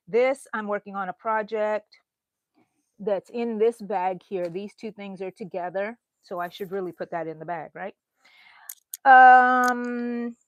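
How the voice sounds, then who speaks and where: A woman's voice: medium pitch, no room sound. Chatty woman touring her craft room. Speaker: crochet vlogger. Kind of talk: casual live-stream chat. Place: small craft room at home.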